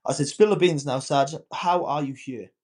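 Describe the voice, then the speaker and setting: A man's voice: on the high side, normal speed, a little mellow. Man telling a story, playing out the dialogue. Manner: vivid anecdotes acting out quoted dialogue. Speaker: podcast guest, business and mindset coach. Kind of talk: casual storytelling.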